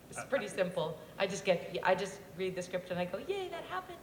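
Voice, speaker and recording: A woman answering fans on a convention panel, telling stories in a bubbly, animated way. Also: lowish voice, normal speed. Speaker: voice actress panelist. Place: convention hall. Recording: echoey hall with crowd and noise.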